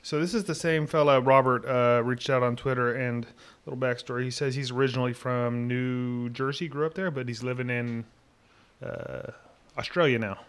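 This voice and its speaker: A man's voice: mid-range voice, normal speed, smooth. A man co-hosting a podcast in casual chat, telling stories in an easygoing way with fillers. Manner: easygoing storyteller, relaxed with fillers. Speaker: podcast co-host.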